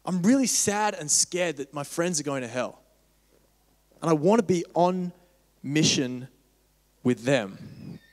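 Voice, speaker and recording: A man's voice: fairly high pitch, animated, takes it slowly, long pauses. A young man giving a casual, candid church talk with a personal story, rambling with many fillers. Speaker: church speaker on mission. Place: church hall. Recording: echoey church hall.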